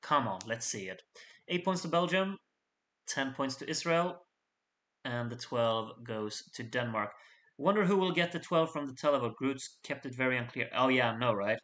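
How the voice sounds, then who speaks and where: A man's voice: medium pitch, animated, normal speed, fairly bright tone. Chatty man reading out contest votes. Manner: chatty, jokey asides to the audience. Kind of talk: casual live voting commentary.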